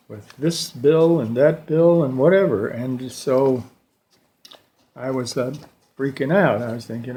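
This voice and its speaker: Older guy talking slow at church, thoughtful, pausing a lot. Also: medium pitch, a little mellow. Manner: slow, reflective storytelling with pauses. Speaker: church lay speaker. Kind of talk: personal reflection talk.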